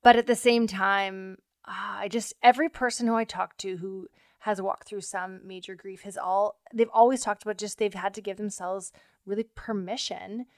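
A woman in her thirties hosts with a chatty, encouraging manner. Her pitch is mid-range, and the recording is close and dry. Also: fairly even intonation, normal speed, no room sound. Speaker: host. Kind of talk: conversational interview.

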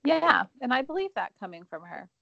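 A young woman co-hosting a casual celebrity gossip chat, agreeable and quick to chime in. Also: a little high, very animated, gravelly, sharp tone, slight background noise. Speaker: co-host. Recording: dull lo-fi sound.

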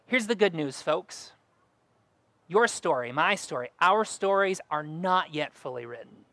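A man's voice: on the high side, lively intonation, a little slow, creaky, sharp tone, dry recording. A young adult man preaching a sermon as pastor, earnest and fond of repeating key phrases.

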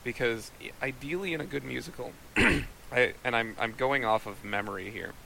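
Gravelly bright-voiced man explaining calmly. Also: medium pitch, slight background noise, rough recording. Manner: explanatory, measured, dryly understated. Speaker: co-host reviewing a movie. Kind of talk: casual chat.

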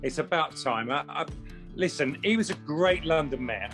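A man's voice: a little high, animated, normal speed, over music. A man co-hosting a podcast, giving blunt, emphatic opinions in casual chat. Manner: emphatic and blunt, with repeated restarts. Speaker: podcast co-host.

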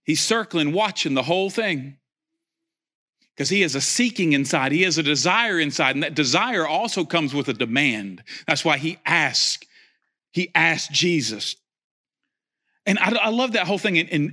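Man, preacher, bright and forceful, animated, slightly high voice. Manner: animated, rising to near-shouts, joking asides. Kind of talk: sermon.

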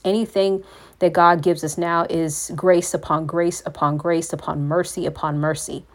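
Earnest woman hosting a faith podcast. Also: fairly low pitch. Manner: earnest, preachy, addresses listeners as "you all". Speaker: podcast host.

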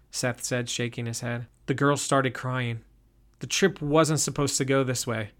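A young man narrating a first-person camping story in a calm, measured way. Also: mid-range voice.

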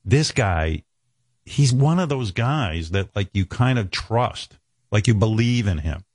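Host, new guy, low voice, lively swoops, rambling and profane, dry close mic. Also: slow, dry recording. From New York. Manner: profane, rambling storytelling with lots of fillers. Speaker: radio show host. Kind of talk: casual radio show banter.

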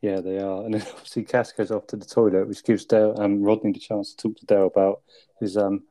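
A man's voice: level tone, quick pace, mellow, dry recording. A man co-hosting a casual chat about a sitcom episode, laughing often and acting out lines. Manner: laughs often, acts out lines in squeaky voices. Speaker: podcast co-host.

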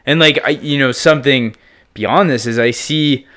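A man from Prince Edward Island, a guest on a casual podcast, talking in a relaxed, slangy, rambling way. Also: medium pitch, moderate pace. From Prince Edward Island, Canada.

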